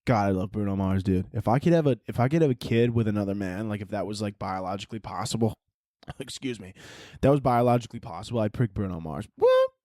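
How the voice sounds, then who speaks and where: A man's voice: fairly low pitch, fast, dark tone, no echo, clean studio sound. A young man hosting his own podcast, ranting casually with lots of swearing and laughing at his own jokes. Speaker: podcast host. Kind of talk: casual solo rant.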